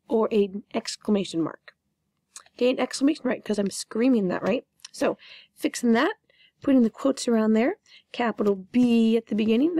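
Young woman teacher, playful and chatty, slightly high and gravelly, dry close mic. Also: mellow, no echo. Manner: chatty, playful, repeats words. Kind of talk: online grammar lesson.

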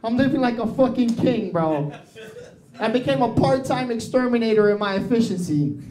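A man's voice: very high-pitched, lively intonation, normal speed. A young man doing a brash, profane stand-up comedy set, dropping into Spanish. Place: small improv theatre stage. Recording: roomy live club recording with crowd.

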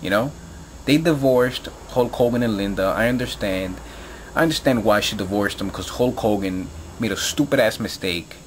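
A man's voice: lowish voice, moderate pace, slight background noise. Man ranting angrily, swearing freely. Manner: heated, swearing, rambling with many fillers. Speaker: video blogger. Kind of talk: angry profane rant to camera.

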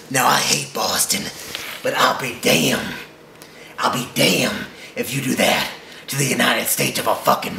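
A man's voice: mid-range voice, gravelly, background noise. A man ranting angrily at the camera with crude, aggressive swearing, recorded with a roomy echo. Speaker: vlogger. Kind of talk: profane angry rant.

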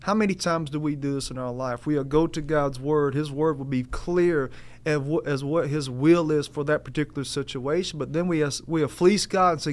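Guy preaching, emphatic, keeps repeating the main points, voice on the high side. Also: normal speed. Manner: earnest, emphatic, repeats key phrases. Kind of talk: sermon.

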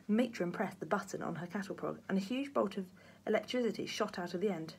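A woman, a primary teacher, reading a children's book aloud with lively, expressive storytelling. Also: medium pitch, quick pace, breathy edge.

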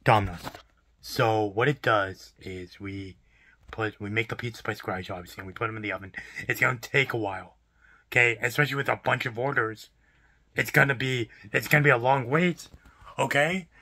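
A young man in a profane, exasperated vlog rant about his fast food job, repeating himself as he vents. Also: mid-range voice, bright, forceful tone, husky. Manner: exasperated, profane, repetitive ranting. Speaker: fast food worker ranting.

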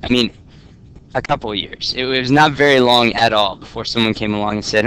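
A man teaching a class in a relaxed, joking way, often checking in with "okay?". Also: mid-range voice, fast talker, a little hiss or hum. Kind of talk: classroom lecture. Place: classroom with students.

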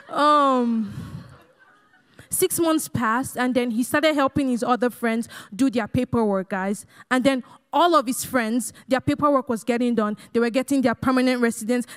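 A young woman with a Nigerian accent and a high, bright speaking voice delivers a sermon-style testimony. She tells her story with animated energy, laughing often and acting out the dialogue for the crowd. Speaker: guest speaker sharing a testimony.

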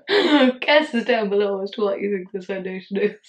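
A woman's voice: medium pitch, expressive, normal speed, low-quality recording. A woman in her thirties chatting casually through a makeup tutorial. She swears freely and talks to herself as she works. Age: 30s. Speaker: beauty vlogger.

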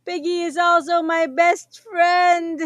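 A woman's voice: very high voice, level tone, slow, a bit bright, slight background noise, full character voice. A woman voicing an anxious male elephant who keeps sneezing, with dramatic, fretful outbursts. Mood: excited.

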